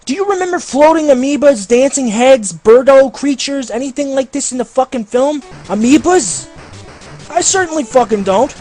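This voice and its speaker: A man's voice: very high voice, expressive, normal speed, darkish tone, faint music behind. A man ranting sarcastically over gameplay as a game reviewer, swearing constantly and sounding fed up. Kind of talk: profane gameplay commentary rant.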